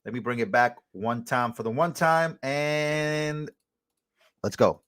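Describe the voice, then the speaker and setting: A man hosting a political livestream, casual and chatty with quick asides. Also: mid-range voice, fairly bright tone, clear, resonant tone. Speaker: livestream host. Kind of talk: live commentary stream.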